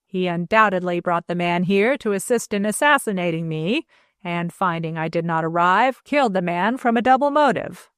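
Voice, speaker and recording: A woman's voice: lowish voice, a bit bright, no room sound, lightly acted. A spiteful, suspicious old stepfather, put on by a woman narrator, barking orders and muttering that he is watched. The delivery is testy and commanding. The reading sounds close and dry. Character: paranoid, malicious older male invalid stepfather.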